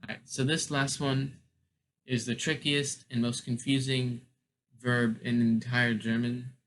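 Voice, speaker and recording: A man teaching German verbs in an unhurried, casual lesson. He talks slowly at a middle pitch and stops often with ums and restarts. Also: level tone, poor audio. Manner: slow, deliberate, many ums and restarts. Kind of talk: explaining grammar, casual lesson.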